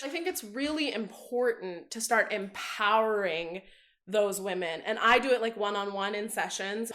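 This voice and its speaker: A woman's voice: medium pitch, sharp tone. A woman counselor giving candid, conversational interview answers, often saying "like".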